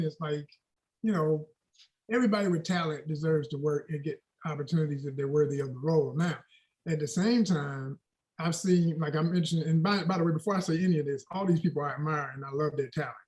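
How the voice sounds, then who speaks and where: A man in his forties, a guest actor chatting in an interview, telling animated stories with a lot of casual slang. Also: a little high, fairly quick. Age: 40s. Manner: animated storyteller, slangy and expressive.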